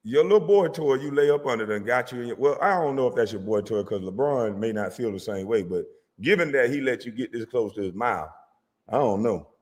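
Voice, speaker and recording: A man delivering a profane, mocking comedic rant as a vlogger, sometimes breaking into shouts. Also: medium pitch, lively intonation, fairly quick, long reverb tail. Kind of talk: comedic rant reacting to sports media.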